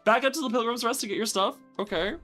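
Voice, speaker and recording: A young adult woman streaming a video game, talking to her chat with loud exasperated outbursts and swearing. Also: a little high, quick pace, faint music behind. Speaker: VTuber streamer. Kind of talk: gaming livestream commentary.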